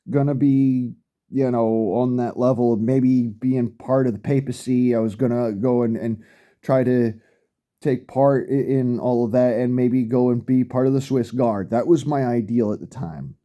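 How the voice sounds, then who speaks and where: Middle-aged man, very dark, mellow tone, blunt and profane, ranting in a vlog. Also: mid-range voice, moderate pace. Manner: blunt, heavy swearing, repeats himself for emphasis. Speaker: vlogger. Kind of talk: profane rant.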